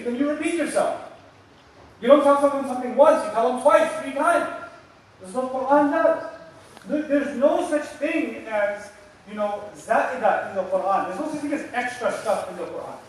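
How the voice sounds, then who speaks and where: A man delivers a religious lecture in a fairly high voice, animated, slipping into acted scolding and driving points home by repeating them. He is heard from a distance through a big, very echoey mosque hall, with a faint hum of noise behind him. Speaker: lecturer on scripture.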